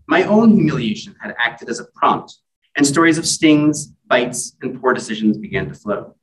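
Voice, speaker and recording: A man's voice: mid-range voice, lively intonation, moderate pace, fairly bright tone, recorded from a distance, low-quality recording. A man, an author at a library event, reading his own comic stories in a wry, self-deprecating way with casual asides.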